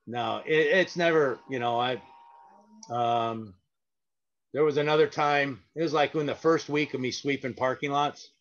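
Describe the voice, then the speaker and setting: A man's voice: medium pitch, unhurried. Rambling man telling tales, lo-fi. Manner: rambling, with frequent fillers and restarts. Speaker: guest, parking lot sweeper. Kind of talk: casual anecdotal storytelling.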